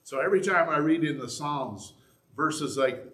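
A man's voice: on the high side, animated, moderate pace, a bit bright, reverberant. A man, a pastor, preaching a sermon in a conversational, earnest way, teaching from the Bible.

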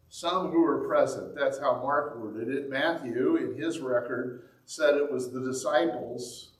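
A man's voice: mid-range voice, takes it slowly, far from the mic. A man preaching a sermon, telling the story in a conversational way and acting out the quotes. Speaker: pastor. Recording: echoey room, speaker away from the mic.

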